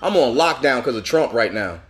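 A man's voice: medium pitch, expressive, normal speed, very noisy. A man co-hosting a comedy podcast, ranting in an exasperated, profane, casual way. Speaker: podcast co-host.

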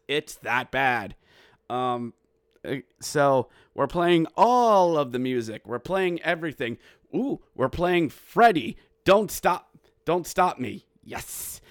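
A fairly high-voiced man recaps a hockey game in a loose, chatty way, calling each pass and then erupting into loud goal calls. He keeps cracking jokes at his own expense. The sound is dry and close, with no room around it. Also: clear, resonant tone, no room sound. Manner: excitable, bursts into shouted goal calls; jokey, self-mocking asides. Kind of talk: casual game recap with play-by-play.

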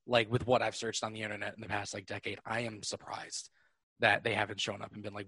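A man hosting a podcast in casual chat, excitable and rambling, swearing freely. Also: fairly low pitch, a little fast, breathy edge, dry recording, clean studio sound. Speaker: podcast host.

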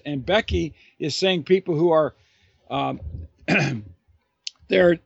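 A man's voice: on the high side, vocal fry, husky, dry recording, muffled recording. A man answering a listener's question as an author and Bible teacher, talking earnestly and with emphasis, often restarting and repeating phrases. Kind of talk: thoughtful unscripted explanation.

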